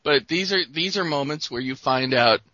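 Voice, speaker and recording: A man with a bright, forceful voice co-hosts a laid-back podcast, winding through eager, rambling stories. The recording is dry and close, slightly muffled. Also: a little high, normal speed, no room sound. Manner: rambling, enthusiastic storyteller. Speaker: podcast co-host. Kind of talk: casual chat.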